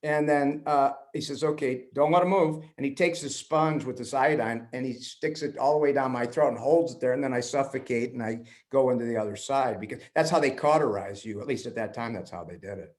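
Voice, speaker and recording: A man's voice: medium pitch, fairly quick, hardly any pauses. A man as a podcast guest, telling a long personal story and acting out the voices of the people in it. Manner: animated storyteller, acts out quoted voices. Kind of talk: storytelling in conversation.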